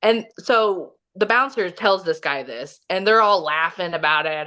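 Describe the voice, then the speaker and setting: A woman's voice: lowish voice, lively intonation, unhurried, few pauses, bright, forceful tone. A woman from the US Midwest, a podcast guest telling a story in a casual, rambling way, full of "like" and restarts. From Kansas City, Missouri, US. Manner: rambling, heavy use of "like" and restarts.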